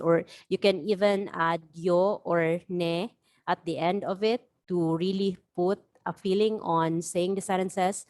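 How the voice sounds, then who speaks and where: A woman teaching a beginner language lesson, explaining patiently and repeating example phrases slowly. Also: medium pitch, steady tone, no echo, studio quality.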